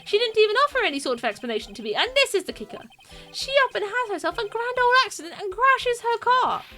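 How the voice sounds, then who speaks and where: A woman's voice: extremely high pitch, sing-song, fast talker, pushed and bright, soft background music, voice pushed up, heavily acted. Woman voicing a pompous ranting male surgeon. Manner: ranting, self-important. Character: arrogant middle-aged male surgeon, pompous and indignant.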